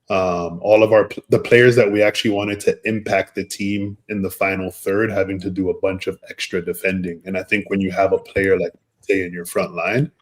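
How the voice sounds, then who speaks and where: A man from Canada on a football chat panel, giving long, frank, opinionated takes. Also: low-pitched. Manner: opinionated, frank, reasoning at length. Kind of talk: casual football chat show.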